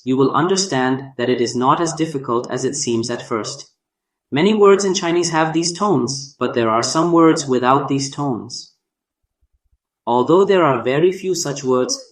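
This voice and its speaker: A man narrating a scripted language lesson, speaking deliberately and drawing out sounds to demonstrate them. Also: medium pitch. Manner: slow, deliberate delivery demonstrating tones with drawn-out sounds. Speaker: language teacher.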